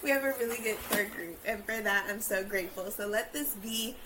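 Encouraging mom hosting a podcast. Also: female voice, mid-range voice, brisk, background noise. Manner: warm, encouraging, says "right?" often. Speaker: podcast host, mother. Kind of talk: casual chat.

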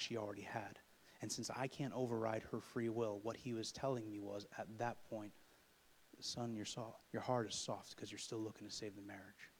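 A man's voice: lowish voice, gravelly, slight background noise. Man telling a personal story. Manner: animated, acts out dialogue loudly. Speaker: podcast host.

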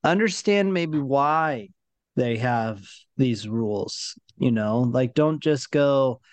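A man's voice: mid-range voice, lively intonation, slow pace, no echo. A man co-hosting a podcast in casual chat, thoughtful and restarting words as he builds a point.

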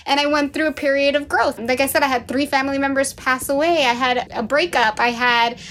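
A young woman hosting a casual podcast chat in a high, bright-sounding voice. She talks in an animated way, laughs often and acts out her own thoughts as she tells them. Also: brisk, a little hiss or hum. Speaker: podcast host. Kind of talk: casual conversation.

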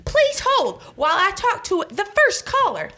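A woman's voice: extremely high pitch, huge pitch swings, measured pace, bright, forceful tone, slight background noise, heavily acted. A woman playing an overly formal young receptionist who answers calls in a sing-song customer-service patter. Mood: chirpy. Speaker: comedic co-host playing a receptionist. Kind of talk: improvised comedy role-play.

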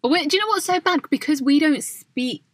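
A woman's voice: sits high, expressive, brisk. A woman chatting casually with a friend. Her speech is loose and full of fillers, and she laughs easily. The recording is dry and close, with no room echo. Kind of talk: casual chat.

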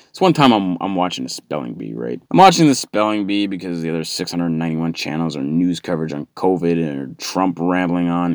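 A man doing a sarcastic stand-up comedy routine, ranting with sudden shouted outbursts. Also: deep voice, dry recording, clean studio sound.

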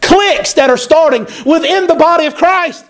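High-voiced animated preacher. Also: male voice, moderate pace. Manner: animated, emphatic preaching with repetition. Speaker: pastor. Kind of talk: sermon.

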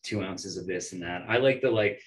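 A young man, a bartender, telling animated stories in casual chat, swearing and acting out quotes. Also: low voice, brisk, poor audio. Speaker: bartender guest. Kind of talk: casual storytelling.

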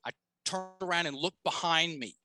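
A man's voice: a little high, moderate pace, bright, forceful tone, poor audio. A man who is a podcast guest and coach, telling a story in a casual, emphatic way and swearing freely.

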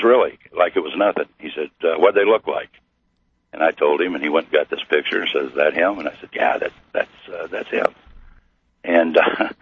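A middle-aged man from Missouri, a guest telling his story slowly with many pauses and fillers. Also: a bass voice, husky, no echo. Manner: slow, halting with many fillers. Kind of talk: storytelling interview. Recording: tinny phone-like radio line.

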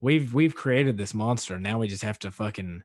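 A man's voice: lowish voice, normal speed, no room sound. Man, podcast host, rambling, profane, filler-heavy, dry close mic. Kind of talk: casual podcast chat.

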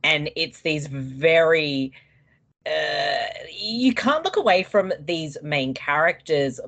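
A woman co-hosting a podcast in casual chat, giving thoughtful, measured explanations. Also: sits low, lively intonation, creaky, a bit bright. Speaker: podcast guest co-host.

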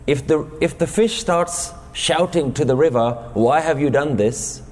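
A man's voice: mid-range voice, darkish tone, long reverb tail. A man giving a sermon at a gurdwara, telling a parable and posing rhetorical questions to the congregation. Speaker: speaker at a Sikh gurdwara. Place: gurdwara hall.

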